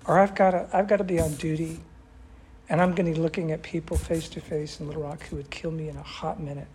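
An older man leads a Bible study, speaking earnestly and with emphasis and often putting questions to his class. His voice sits fairly high, with a flat, fast delivery and a slightly mellow quality. There is a little background noise.

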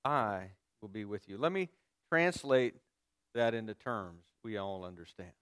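A man's voice: fairly low pitch, animated, a little slow, a bit bright, smooth, no echo. A male pastor preaching a sermon, reading scripture aloud and explaining it to his listeners, calling for their responses.

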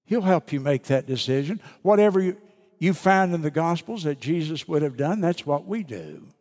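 A man preaching a sermon as pastor, earnest and emphatic with deliberate pauses. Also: a little high, animated, a little mellow, long reverb tail.

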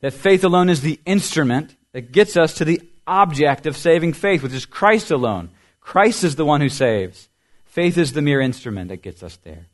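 A man preaching a sermon as pastor, building to loud emphasis and dropping to soft, quiet lines, often repeating and asking questions. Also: a little high, lively intonation, normal speed. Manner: dynamic preaching, swings from loud emphasis to soft near-whispers.

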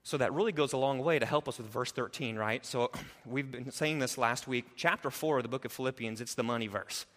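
A man preaching a sermon as a pastor, building emphasis and dropping into quick, casual asides. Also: mid-range voice, a bit bright. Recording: long reverb of a large hall.

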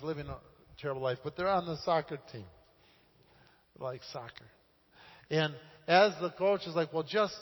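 A man preaching a sermon with a slightly high voice. He tells his stories with passion and climbs louder and higher as the feeling builds. A long reverb from the church hall trails every phrase. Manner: passionate storytelling preacher, swells louder and higher at emotional peaks.

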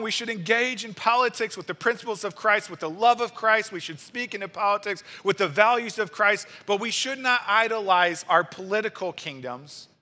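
A man's voice: sits high, pushed and bright. A man preaching a sermon, emphatic and full of rhetorical questions to the congregation. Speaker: pastor.

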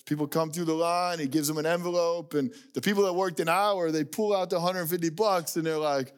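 A man preaching a sermon, telling a story and acting out the voices in it, dropping low and quiet to make a point. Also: fairly even intonation, a little fast, few pauses. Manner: storytelling, acts out quoted voices, drops low and quiet for emphasis. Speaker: pastor.

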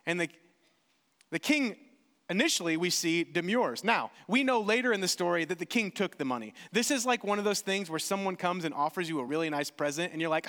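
A man preaches with a high, animated voice that leaps up and down as he acts out little exchanges. His delivery is lively and expressive. The sound carries the long reverb of a large hall. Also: fairly quick. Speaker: pastor. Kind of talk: sermon.

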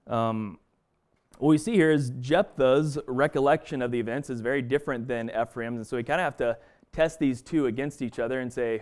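A man's voice: medium pitch, animated, moderate pace, a little mellow. Casual man teaching scripture. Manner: conversational, frequent restarts and fillers. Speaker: bible teacher. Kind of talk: casual bible study teaching.

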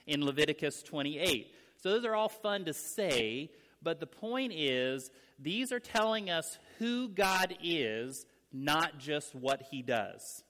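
A man delivers an earnest teaching sermon, his fairly high voice carrying through a church sanctuary. A long reverb trails each phrase as he explains and stresses key words. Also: lively intonation, a bit bright. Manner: earnest, explanatory, speeds up and slows down for emphasis. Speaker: pastor. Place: church sanctuary with young people present.

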